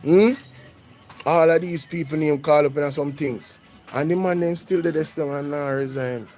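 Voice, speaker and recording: A Jamaican man talks loosely through a reaction stream, drifting between English and patois. His voice is mellow and sits a little high. Faint music plays under his talk. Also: steady tone, unhurried. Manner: conversational, lapsing into patois. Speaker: reaction channel host. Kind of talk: casual commentary with livestream shout-outs.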